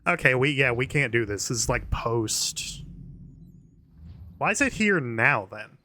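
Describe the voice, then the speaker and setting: A man casually commentating his gameplay with sarcastic jokes, swearing and quick asides. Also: mid-range voice, very animated, sharp tone, a little hiss or hum. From not New York. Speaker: gamer commentating a let's play.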